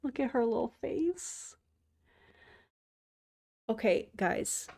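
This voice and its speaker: A woman's voice: fairly high pitch, expressive, takes it slowly, vocal fry, dark tone. A woman hosting a casual livestream, chatting to viewers and cooing to her cat. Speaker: streamer host.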